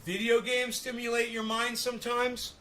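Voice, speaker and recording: A man's voice: very high-pitched, completely flat delivery, moderate pace, bright, forceful tone. A man hosting a casual live stream, rambling and swearing, with testy, teasing banter with his viewers.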